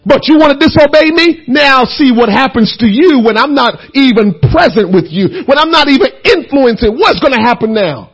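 A man preaching a fiery sermon, shouting and crying out, then dropping to a hush. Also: extremely high pitch, expressive, moderate pace, few pauses, husky, low-quality recording. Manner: shouting, crying out, swinging from loud to hushed.

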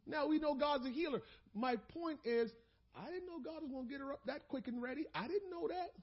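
Man, pastor, sermon, high husky voice, dull lo-fi sound, loud to hushed. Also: fairly quick. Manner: preaching with swings from loud exhorting to quiet storytelling.

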